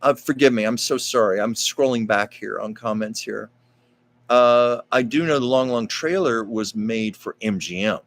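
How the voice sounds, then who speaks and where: A man's voice: fairly low pitch, normal speed. A man hosting a live stream, telling stories in a chatty, rambling way and reading out viewer comments. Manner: chatty, rambling, with frequent fillers and asides.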